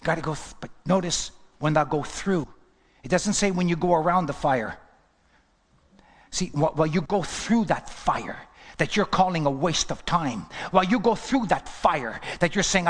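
High-voiced preacher in a reverberant hall. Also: male voice, a bit bright. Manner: preaching, with rhetorical questions to the congregation. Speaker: pastor. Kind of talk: sermon. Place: church.

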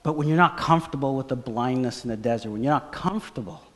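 A man preaching a sermon as pastor, acting out the story and swinging from hushed lines to loud, excited ones. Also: mid-range voice, fast talker, long reverb tail. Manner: dramatic, swings from hushed to shouting. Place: church.

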